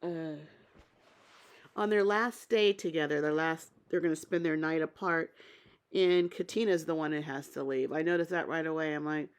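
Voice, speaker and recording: A woman's voice: low-pitched, moderate pace, clean tone. Opinionated woman recapping a TV episode. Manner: opinionated, chatty, thinks aloud. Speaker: TV show recap reviewer. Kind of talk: casual spoken episode recap.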